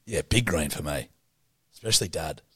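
A young Australian man co-hosting a podcast, loud and sweary, laughing often as he banters. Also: extremely low pitch, moderate pace, very noisy. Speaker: podcast co-host. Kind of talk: casual banter.

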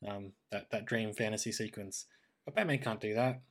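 An Australian man chatting casually as a podcast co-host, animated and talkative about a cartoon episode. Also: on the low side, normal speed. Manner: chatty, animated when quoting characters. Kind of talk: casual chat reviewing a cartoon.

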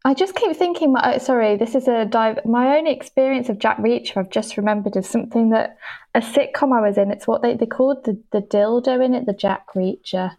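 Female co-host, fairly high voice, giggly and apologetic, casual chat from a laptop at home. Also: brisk, dark tone. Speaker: podcast co-host.

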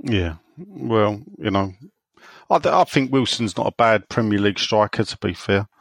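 A man's voice: on the low side, moderate pace, creaky, dry recording. A man co-hosting a casual podcast, reading listener questions aloud and joking around with his co-host. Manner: jokey, banters and reads messages aloud. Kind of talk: casual chat.

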